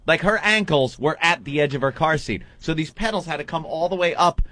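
A man hosting a radio show, telling animated stories in casual banter and mimicking people as he goes, from a studio microphone. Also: a little high, a little fast. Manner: animated storyteller, mimics people mid-story.

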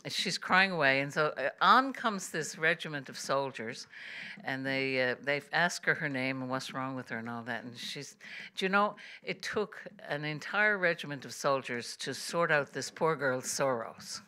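A woman's voice: very deep voice, expressive, normal speed, pushed and bright. A woman folk singer, chatting to a live audience between songs, with many ums and uhs and easy laughs. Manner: chatty and self-amused, full of ums and uhs, laughs easily. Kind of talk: live concert stage banter between songs. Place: live arts venue with an audience.

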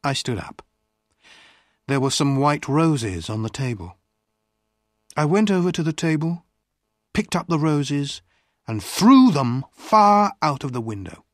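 Slow, expressive audiobook reader. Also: mid-range voice, no echo, clean studio sound. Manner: slow, careful, expressive reading. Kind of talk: slow scripted story narration for English learners.

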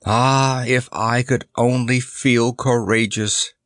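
A man voicing a timid, gruff male lion who speaks in a mournful, rumbling way. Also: fairly even intonation, slow pace, fairly bright tone, no echo, clean studio sound. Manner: mournful, yearning.

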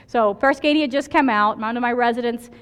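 A woman's voice: on the high side, brisk, clean tone, long reverb tail. A woman emergency physician giving a conference lecture, telling stories from her work and often checking in with "right?". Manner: chatty, storytelling, keeps asking "right?".

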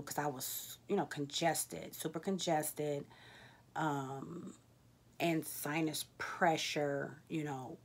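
A woman, telling a candid personal story to her vlog viewers, jumping up high when she acts out her own reactions. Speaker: vlogger.

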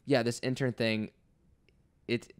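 A man's voice: mid-range voice, level tone, takes it slowly, clear, resonant tone. A young adult man talking as a podcast guest in a laid-back, earnest, plainspoken way with casual slang. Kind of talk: casual chat.

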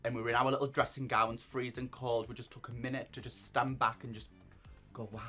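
A man's voice: mid-range voice, flat delivery, brisk, bright, forceful tone, soft background music. A man who performs in drag, chatting casually as an interview guest, bubbly and often laughing. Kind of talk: casual chat.

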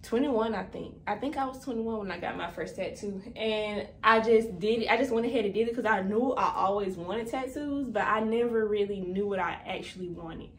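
A woman's voice: mid-range voice, a little fast, hardly any pauses. A young woman in her twenties chatting casually to viewers in a vlog, a little out of breath, saying "y'all" often. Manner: chatty, addresses viewers as "y'all", many fillers. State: slightly out of breath. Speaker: vlogger. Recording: echoey room, faint background noise.

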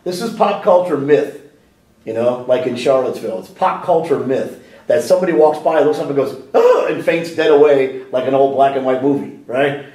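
A man's voice: mid-range voice, brisk, warm tone, roomy sound, recorded from a distance, rough recording. A man giving a sit-down interview in a library room, talking animatedly with frequent restarts and rhetorical questions. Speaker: interview guest.

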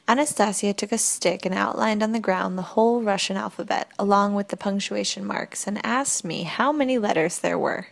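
Woman narrating, slightly gravelly. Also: mid-range voice, normal speed, few pauses. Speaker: audiobook narrator. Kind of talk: first-person audiobook narration.

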